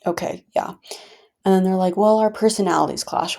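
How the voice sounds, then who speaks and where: A woman's voice: mid-range voice, a little fast, vocal fry, darkish tone. A woman vlogger venting casually to her viewers, frustrated and rambling with many fillers.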